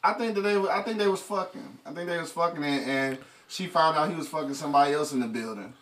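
A man's voice: on the high side, quick pace, fairly bright tone, far from the mic. A man hosting a casual podcast chat, loose and profane, laughing often and restarting his sentences. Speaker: podcast host.

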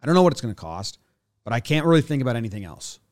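A man's voice: mid-range voice, big pitch swings, racing. Male sports-podcast co-host, plain mid voice, skeptical and conversational. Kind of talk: casual sports chat.

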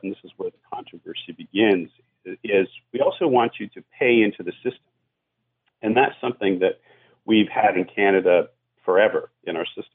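Low husky man on a phone line. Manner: explanatory, frequent "you know" fillers. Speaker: media policy guest expert. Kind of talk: radio call-in discussion.

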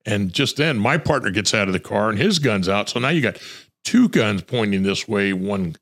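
Gravelly older man telling blunt stories. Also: fairly low pitch, lively intonation, moderate pace, a bit bright. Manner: blunt, profane, acts out quoted voices. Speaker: retired homicide detective, guest. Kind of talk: storytelling in a podcast interview.

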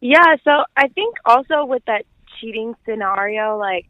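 A woman in her twenties calling in to a podcast, chatting casually with giggles and hesitant pauses. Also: on the high side, lively intonation, dry recording. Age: 20s. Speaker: caller. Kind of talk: casual chat. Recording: tinny phone line.

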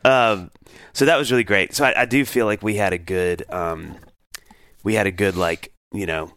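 Podcast co-host, man, 40s, deep and lively, dry close mic. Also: normal speed, no room sound. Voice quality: animated, rambling with restarts. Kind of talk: casual chat.

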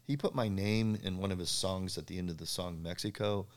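A man, a surfboard craftsman, telling animated stories in an interview, acting out the dialogue and laughing at his own jokes. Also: low voice, brisk. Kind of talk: storytelling in a podcast interview.

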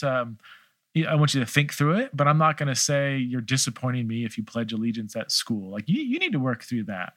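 A man's voice: mid-range voice, big pitch swings, brisk, pushed and bright, dry recording. A middle-aged man hosting a listener Q&A, talking in a thoughtful, hesitant way with many restarts. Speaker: podcast host answering listener questions. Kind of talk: casual theological Q&A.

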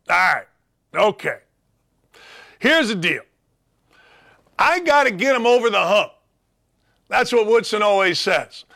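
A man hosting a sports talk show, ranting sarcastically with mocking asides and loud, heated outbursts. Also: high-pitched, creaky. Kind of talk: opinionated sports rant.

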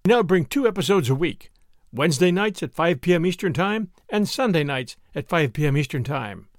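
A man narrating a classic short story as the podcast's reader, in a measured storytelling manner. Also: on the high side, expressive, no room sound, clean studio sound. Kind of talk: scripted narration.

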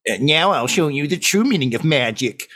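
A man's voice: a little high, lively intonation, moderate pace, pushed and bright, voice pushed up. A man doing a hammy robed villain wizard. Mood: grandiose. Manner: grandiose, hammy declaiming. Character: theatrical robed male villain wizard, grandiose.

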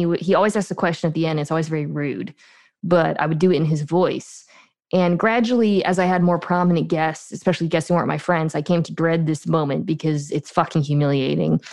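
Chatty woman telling a story, slightly low voice. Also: creaky, darkish tone, dry recording. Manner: quick, chatty, with fillers. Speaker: podcast guest and host. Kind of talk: casual storytelling.

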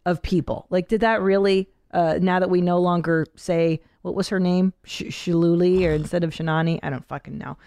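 A woman's voice: lowish voice, fairly even intonation, moderate pace, few pauses, darkish tone. A woman hosting a podcast in casual chat, blunt and sarcastic. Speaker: podcast host.

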